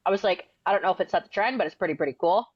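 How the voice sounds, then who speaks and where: A woman's voice: mid-range voice, very fast, husky, no room sound, lo-fi sound. A young woman in her twenties from New England, a firefighter and author telling her story as a podcast guest in a blunt, outspoken, slangy way. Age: 20s. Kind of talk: casual interview storytelling.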